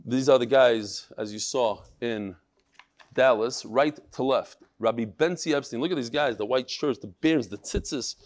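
A middle-aged man teaching a Torah class in lively talk, mixing Yiddish and Hebrew terms into English. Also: medium pitch, normal speed.

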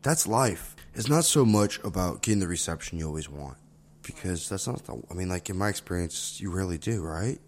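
A man with a low-pitched voice and lively intonation co-hosts a podcast, talking a little fast over a faint hiss or hum. In a casual conversation about relationships and therapy skills, he reflects and circles back on his points, often tagging them with "right?"

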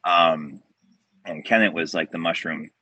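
A man's voice: sits low, steady tone, unhurried, bright, forceful tone, no echo, lo-fi sound. A man from Delaware, a guest on a podcast, telling stories in an easygoing way with light laughs. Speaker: guest, cigar company representative. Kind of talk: casual interview chat.

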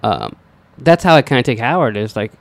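Middle-aged man, mid-range voice, halting casual talk, dry teasing. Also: mid-range voice, sing-song, creaky. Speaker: podcast co-host. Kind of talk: casual chat.

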